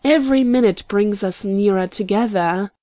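Eager young gentleman, read by a woman. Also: medium pitch, moderate pace, dry recording, close to an everyday voice. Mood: excited. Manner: excitable, earnest.

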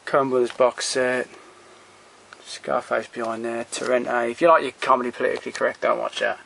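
A film collector gives a loose, unscripted, rambling walkthrough of his home film shelves, blunt, opinionated, and swearing freely. His mid-pitched voice has a gravelly, creaky edge, fairly even intonation, a fairly bright tone, and a slightly fast pace. He often stops and trails off between titles, with faint hiss under the handheld camera's audio.

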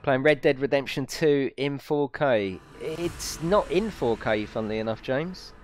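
A man's voice: medium pitch, unhurried. A man chatting casually with viewers while racing on a live stream, bantering and swearing now and then. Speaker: game streamer. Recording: loud game music over voice.

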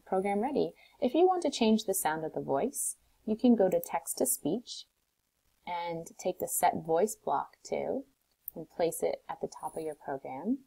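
Woman teacher, low gravelly voice, calm step-by-step tutorial. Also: rough recording. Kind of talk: screen-recorded coding tutorial.

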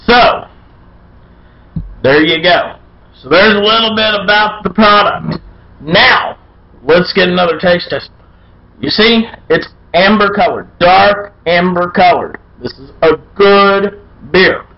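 A man hosting a casual beer review vlog, loud, folksy and irreverent, with playful chants. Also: high voice, slow pace, lo-fi sound, a little hiss or hum. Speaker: beer review show host.

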